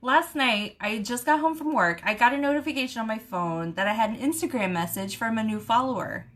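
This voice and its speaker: A woman, hosting a casual live stream and telling stories in an animated, chatty way. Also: on the high side, fairly quick. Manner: chatty, animated storytelling with laughs. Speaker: beauty vlogger host. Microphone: camera mic on a live stream.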